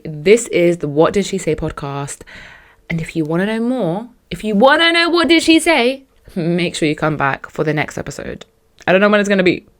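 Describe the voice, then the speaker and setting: A young woman hosting a podcast, reading out a listener's story and reacting with loud outrage. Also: lowish voice. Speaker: podcast host.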